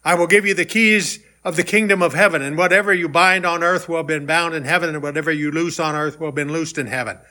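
A man's voice: fairly high pitch, fairly even intonation, fast talker, few pauses, bright, forceful tone. A man preaching a sermon in a conversational way, rising into emphatic questions. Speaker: pastor.

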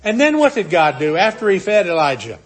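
A man's voice: high-pitched, very animated, fairly quick. A man preaching a sermon, earnestly retelling a scripture story and acting out its quotes.

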